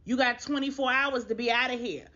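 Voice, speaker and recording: A woman's voice: a little high, fairly even intonation, a little fast, pushed and bright, lo-fi sound, pitched above the performer's own voice. A woman voicing an angry jilted man who talks harshly and threatens.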